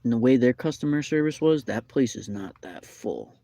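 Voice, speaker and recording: A man's voice: mid-range voice, lively intonation, normal speed, mellow. A young man telling a rambling story on a live stream, with lots of fillers and repeated phrases. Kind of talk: casual live-stream chat. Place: McDonald's restaurant.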